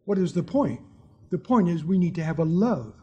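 A man's voice: sits high, very animated, moderate pace, mellow, highs cut off. A man preaching a sermon to his congregation, telling personal stories in an earnest way and chuckling at his own anecdotes.

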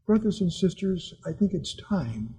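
A man's voice: sits high, big pitch swings, a little slow, warm tone, breathy edge. A man preaching a sermon to his congregation, telling personal stories in an earnest way and chuckling at his own anecdotes.

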